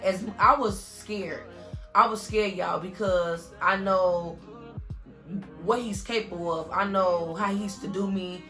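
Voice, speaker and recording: A woman's voice: on the low side, a bit bright. A young woman vlogger telling an emotional story-time monologue, earnest and talking straight to her viewers. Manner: earnest, talks straight to viewers with constant "y'all".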